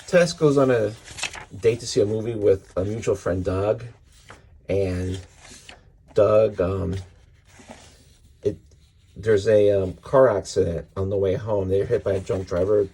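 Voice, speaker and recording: A man's voice: on the low side, measured pace, long pauses, warm tone, husky. A man hosting a podcast, casually reviewing comics and retelling scenes in a rambling way, full of fillers.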